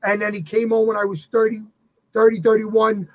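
Husky high-voiced man telling stories. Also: normal speed, no echo, poor audio. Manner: animated anecdotes with frequent restarts. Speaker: guest entertainer and tribute performer of a famous singer. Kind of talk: casual storytelling interview.

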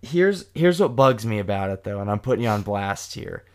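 A man's voice: fairly low pitch, expressive, moderate pace, clean tone. Rambling, joking young man. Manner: joking, rambling, self-deprecating. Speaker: vlogger, co-host with partner. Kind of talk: casual couple chat.

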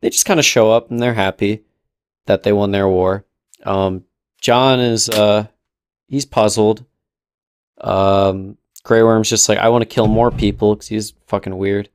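A man's voice: fairly low pitch, clean tone, no room sound, studio quality. A young man co-hosting a podcast, recapping a show in a casual, rambling way with lots of fillers and sarcastic quoted asides. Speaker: podcast co-host.

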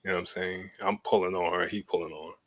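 A man's voice: sits low, steady tone, quick pace. A middle-aged man telling a personal story on a podcast in a loose, profane, laid-back way, often asking "you know what I'm saying". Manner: shifts from laid back to heated as the story builds. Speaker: podcast host. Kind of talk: casual storytelling.

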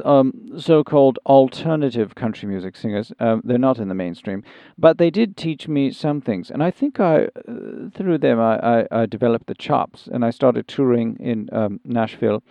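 A fussy, genteel English gentleman from Sussex, as a man puts him on, dithering through every sentence with ums and restarts. His voice sits in a middling pitch and comes across dry and slightly dull, like a lo-fi recording. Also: gravelly, no echo. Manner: hesitant, rambling, many ums and restarts; prim and genteel. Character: posh English gentleman turned country singer, fussy and dithering. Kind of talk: improvised comedy interview.

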